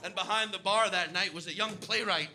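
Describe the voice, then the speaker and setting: A stand-up comedian on a club stage, profane and animated, slipping into characters. His voice runs high with a gravelly rasp. Audience noise hums under the handheld mic. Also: fairly quick.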